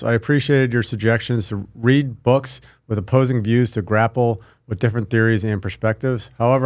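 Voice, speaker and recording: A man, the show's producer, adding brief remarks and reading listener questions aloud in a plain, even manner. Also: mid-range voice, dry recording, studio quality. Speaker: podcast producer and co-host.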